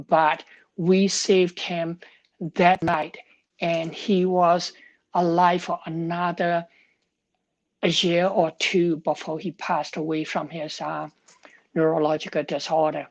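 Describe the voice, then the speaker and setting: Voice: mid-range voice, fairly even intonation, measured pace. A woman pharmacist talking on a live stream, telling a story in an earnest, heartfelt way and sounding tired.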